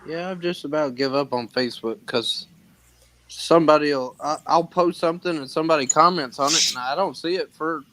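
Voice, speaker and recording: A man with a somewhat high voice drops short, dry jokes into a relaxed live-stream chat. Clear noise hangs behind him on a remote mic. He keeps his comments brief and teasing. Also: moderate pace, low-quality recording. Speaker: co-host on the stream. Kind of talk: casual chat.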